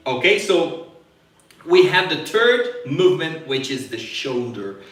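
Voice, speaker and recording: A man's voice: a little high, sing-song, measured pace, fairly bright tone, roomy sound, recorded from a distance. A man teaching jazz guitar in a live lesson, explaining step by step, stopping to demonstrate on the guitar and checking in with "okay?".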